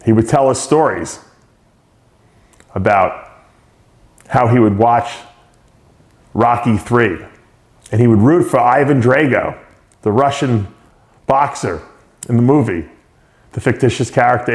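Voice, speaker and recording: A man's voice: medium pitch, expressive, unhurried, long pauses. A male show host giving an unscripted spoken tribute to a late friend, reminiscing with frequent short laughs.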